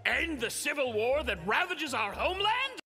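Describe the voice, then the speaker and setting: A man's voice: very high-pitched, very animated, moderate pace, pushed and bright, heavily acted. A man voicing a haughty, pompous young nobleman in an abridged parody cartoon, with formal diction and reverb under background music.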